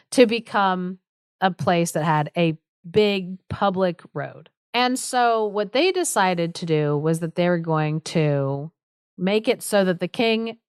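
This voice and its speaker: A woman's voice: lowish voice, animated, a little slow, clear, resonant tone, no room sound, studio quality. A young adult woman co-hosting a podcast, retelling a folk tale in a chatty way, with lots of fillers. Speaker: podcast co-host. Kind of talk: casual storytelling chat.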